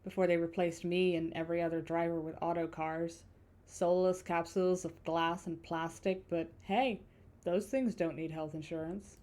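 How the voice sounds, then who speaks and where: A woman's voice: on the low side, fairly even intonation, normal speed, warm tone. A woman streamer reading a story game's narration aloud and dropping self-deprecating asides. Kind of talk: game let's play with read-aloud narration.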